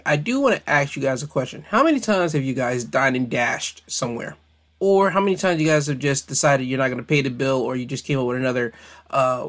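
A man hosting his own podcast, talking casually and directly to his listeners, chatty and friendly, rambling a little and correcting himself as he goes. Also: medium pitch. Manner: relaxed, rambling delivery with fillers and self-corrections. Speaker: podcast host. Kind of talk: casual solo podcast monologue.

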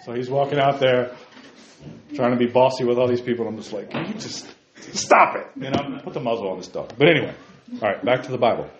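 A man preaching a sermon in a church, animated, swinging from quiet asides to shouts and calling listeners by name. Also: medium pitch, fast talker, reverberant, dull audio. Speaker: pastor. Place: church sanctuary.

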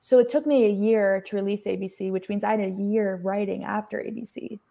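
Chatty young woman with a gravelly fry. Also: medium pitch, steady tone, brisk, warm tone. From Texas. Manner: chatty, fills her talk with "like". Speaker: singer-songwriter guest. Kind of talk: casual interview chat. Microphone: remote call feed.

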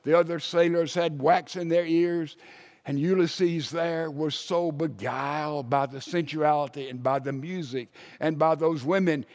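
A preacher with a somewhat high voice tells stories from the pulpit. He swings between loud emphasis and hushed, quiet lines as he builds his point. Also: steady tone, measured pace. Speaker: pastor. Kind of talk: sermon.

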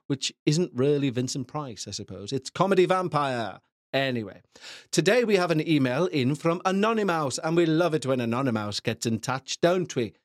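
A man's voice: medium pitch, no echo, clean studio sound. A man hosting a podcast in a casual, rambling, self-mocking way, joking around and reading out a listener's story. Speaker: podcast host.

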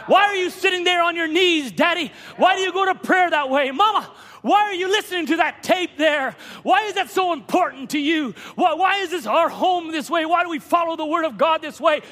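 A man's voice: very high-pitched, brisk, bright, forceful tone, pitched above the performer's own voice. A man voicing a young child in a sermon, insistently questioning their father. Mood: pleading. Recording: long reverb of a church hall.

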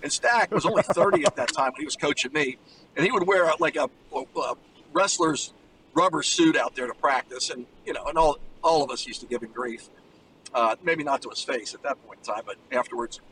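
Sixties male guest, bright tone, animated storyteller, distant phone line with faint car hum. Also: fairly high pitch, fairly quick. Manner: animated anecdote teller, acts out voices. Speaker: former college basketball player, guest. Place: riding in a moving car.

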